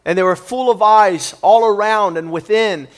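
Pastor, male, high voice, preaching with emphatic, repetitive force. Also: normal speed. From Cuban upbringing. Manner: emphatic, repetitive, building in intensity. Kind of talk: sermon.

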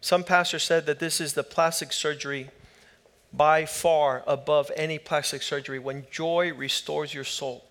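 High-voiced male pastor preaching. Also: fairly even intonation, moderate pace, a bit bright. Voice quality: emphatic, rising and falling preaching cadence. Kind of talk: sermon.

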